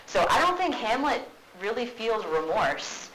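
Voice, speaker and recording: A woman's voice: medium pitch, animated, unhurried, a bit bright, a little hiss or hum. A woman teaching a class, retelling the lines in casual modern speech. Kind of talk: classroom lesson. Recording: echoey classroom.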